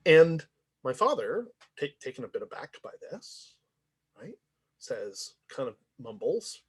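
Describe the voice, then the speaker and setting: A man's voice: medium pitch, very animated, a little slow, slightly rough. A man lecturing in a conversational, reflective way, often checking in with "right?". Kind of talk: university lecture.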